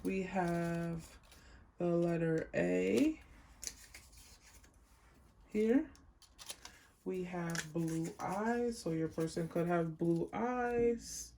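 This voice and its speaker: A woman giving a casual pick-a-card tarot reading, chatty and unhurried as she lists card words one by one. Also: fairly low pitch, mellow, a little hiss or hum. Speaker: tarot reader.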